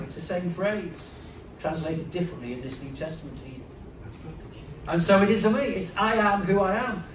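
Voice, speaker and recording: A man's voice: sits high, a little fast, distant mic, slight background noise. A man preaching a sermon, conversational and emphatic, with frequent asides. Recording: roomy, from off-mic, faint ambience.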